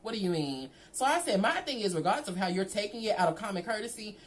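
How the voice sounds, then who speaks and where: A young woman vlogger telling a storytime to her viewers in a sassy, animated way, often calling the listener "girl". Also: mid-range voice, fast.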